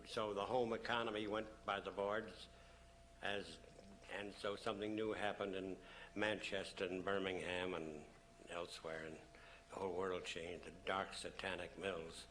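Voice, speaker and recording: A man's voice: deep voice, a bit bright, a little hiss or hum. A man giving a public lecture to an audience, telling stories animatedly and acting out the people he quotes. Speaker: public speaker.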